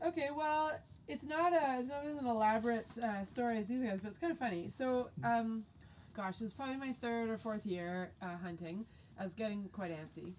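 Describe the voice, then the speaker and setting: A woman in her forties telling a story casually and lively, acting out quoted dialogue. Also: on the high side, a little fast, slight background noise. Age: 40s. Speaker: guest telling a hunting story.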